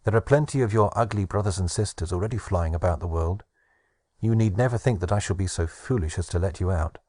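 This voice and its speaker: A man's voice: sits low, brisk, dark tone, dry recording, clean studio sound. A man voicing Pandora, a curious young girl who is tearful and pleading in an audiobook. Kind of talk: audiobook narration.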